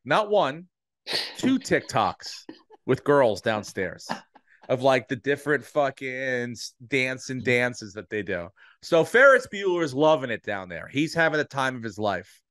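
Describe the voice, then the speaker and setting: A man's voice: mid-range voice, no room sound. Man telling a story, dry close sound. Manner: animated, swears freely, acts out voices in anecdotes. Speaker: podcast co-host. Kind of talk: casual storytelling chat.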